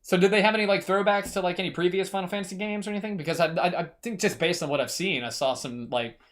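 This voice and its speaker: A man's voice: sits high, fast talker, fairly bright tone. A man co-hosting a podcast, rambling casually with lots of fillers while he searches for words. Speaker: podcast co-host. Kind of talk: casual chat.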